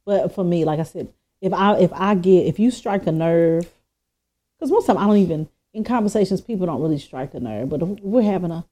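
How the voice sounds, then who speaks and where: Animated woman in lively podcast chat. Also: fairly low pitch, fairly quick. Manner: animated, acts out quoted speech. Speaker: podcast co-host. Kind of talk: casual chat. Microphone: podcast microphone.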